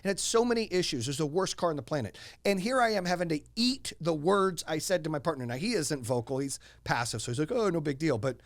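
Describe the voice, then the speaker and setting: A man's voice: on the high side, animated, fast, hardly any pauses, no room sound. A brash man in his forties telling boastful stories as an interview guest, in casual chat. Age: 40s. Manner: brash, boastful storyteller with big swings in loudness. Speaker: guest, entrepreneur.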